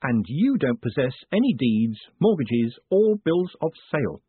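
A man voicing a smooth-talking, cocky young con man who is glib and persuasive. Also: medium pitch, very animated, measured pace, no room sound, voice pushed up. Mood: smug. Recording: phone-like dry audiobook sound.

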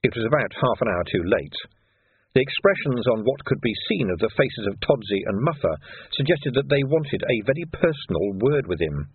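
A man narrating a story in a wry, expressive reading style, recorded with a narrow phone-like sound. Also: mid-range voice, normal speed, breathy edge, no room sound. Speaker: audiobook narrator. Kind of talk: scripted narration.

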